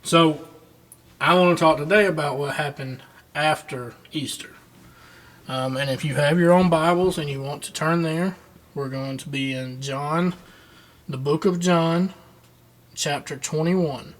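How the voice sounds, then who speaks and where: A man's voice: a little high, a little slow, a bit bright. A man giving a children's Bible lesson on video, retelling the story in a plain, patient way.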